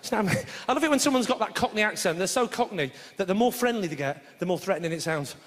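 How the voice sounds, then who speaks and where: Brash stand-up comedian in a roomy theatre. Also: male voice, high voice, expressive, fast talker. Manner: brash, sweary banter with the crowd. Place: large theatre, live audience. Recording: roomy live theatre with loud crowd.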